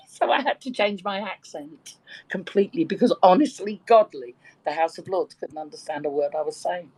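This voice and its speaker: A woman's voice: on the low side, expressive, normal speed, darkish tone, slightly rough, rough recording. Chatty, bawdy English woman in her sixties. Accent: London-tinged English. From Birkenhead, England. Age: 60s. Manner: bawdy, chatty storyteller who laughs easily. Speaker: participant in a live audio chat room. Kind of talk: casual chat.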